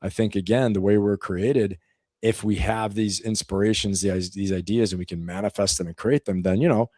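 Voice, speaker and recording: Low-voiced man, dry close sound. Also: steady tone, a little mellow, dry recording. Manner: thoughtful, halting, restarts phrases. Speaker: panel guest. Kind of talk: casual panel chat.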